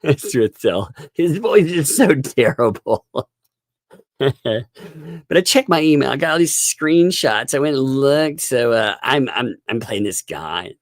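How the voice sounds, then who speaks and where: A man ranting through live-stream commentary with a gravelly edge, his pitch swinging widely as he mocks and laughs. The sound is dry and close to the mic. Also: expressive, slow pace, no room sound. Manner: laughing, mocking, exasperated rants.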